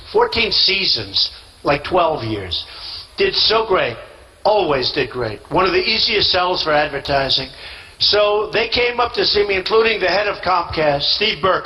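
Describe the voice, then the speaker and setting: A man's voice: high-pitched, bright, forceful tone, a little hiss or hum, low-quality recording. A man giving a rally speech as a candidate, boastful and rambling, repeating himself and acting out quoted dialogue.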